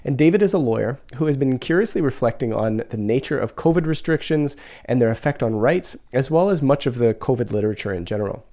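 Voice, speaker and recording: A male podcast host with a congested, stuffy voice from a cold, delivering an earnest introduction at a mid-range pitch. He speaks conversationally, now and then catching himself and restarting a phrase. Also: mellow.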